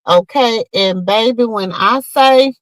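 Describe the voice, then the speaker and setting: A woman hosting a casual gossip show, talking straight to her viewers in an animated, chatty way. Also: a little high, slow pace, dry recording, low-quality recording. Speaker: podcast host.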